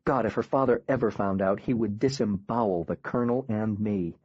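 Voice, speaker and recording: Grave low-voiced male audiobook narrator. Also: breathy edge, no echo, lo-fi sound. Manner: quiet, grave, measured. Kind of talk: first-person audiobook narration.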